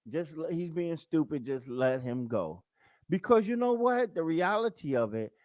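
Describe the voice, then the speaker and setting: A man speaking hosts a live talk show, chatting casually with his viewers. His voice sits a little high and he acts out quick bits of dialogue. The sound is dry and close. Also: darkish tone, no room sound. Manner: conversational, acts out quick quoted voices, repeats himself. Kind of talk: casual live-stream commentary.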